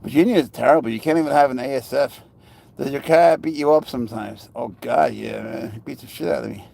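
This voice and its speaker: A man's voice: medium pitch, brisk, gravelly, a little mellow. A man live-streaming outdoors on a phone, chatting in a rambling, casual way and coaxing his cat along in baby talk. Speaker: pet owner live-streaming. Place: outdoors, walking near a parked car.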